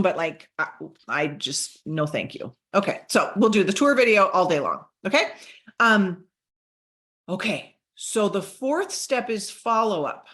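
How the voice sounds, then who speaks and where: A middle-aged woman giving an energetic sales training talk to a group, coaching them and acting out sample chats. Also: medium pitch.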